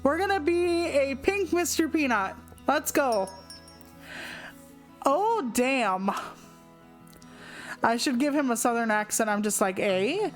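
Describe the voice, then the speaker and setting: A woman's voice: high voice, animated, slow, long pauses, faint music behind. A woman in her forties hosting a let's play, chatting in a goofy, self-mocking way. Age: 40s. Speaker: gaming channel host. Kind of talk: casual let's play commentary.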